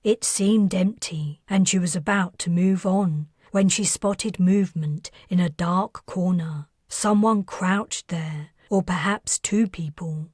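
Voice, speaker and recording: A woman narrating her own science fiction novel, calm and measured in her storytelling. Her delivery is slow and unhurried, with a husky grain, and the recording is close and dry. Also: fairly low pitch, no room sound. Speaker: audiobook narrator and author. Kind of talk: scripted narration.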